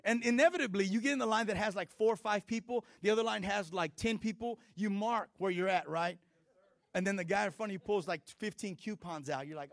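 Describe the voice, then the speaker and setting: Man, high-pitched, dry recording, middle-aged, conversational sermon, animated asides. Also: a little fast, vocal fry, no room sound. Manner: conversational and animated, with many restarts and playful asides. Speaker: pastor.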